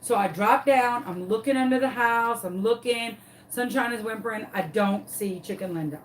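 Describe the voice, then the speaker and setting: A woman's voice: fairly high pitch, normal speed, recorded from a distance, slight background noise, poor audio. A woman, a crafting vlogger telling a dramatic story while she works on a craft tutorial.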